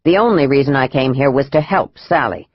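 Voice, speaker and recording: A man's voice: medium pitch, brisk, no echo, highs cut off, voice pushed down, close to an everyday voice. A male audiobook narrator voicing a shifty middle-aged doctor who answers evasively and indignantly. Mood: defensive.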